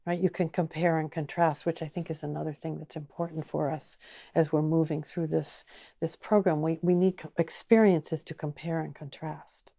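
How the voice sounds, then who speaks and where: Woman, gravelly low voice, gentle slow teacher, asks inviting questions. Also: flat delivery. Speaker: online course teacher. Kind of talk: guided teaching talk.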